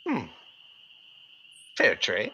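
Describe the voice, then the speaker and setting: A man speaking in character as a tabletop player, smooth and courtly. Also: drawn-out words, pushed and bright, slight background noise, rough recording. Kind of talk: in-character tabletop role-play.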